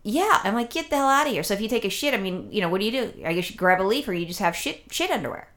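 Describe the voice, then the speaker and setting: Woman, casual chat, crude rambling storyteller, swears freely, mid-pitched voice. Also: lively intonation, racing, a bit bright. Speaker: podcast co-host.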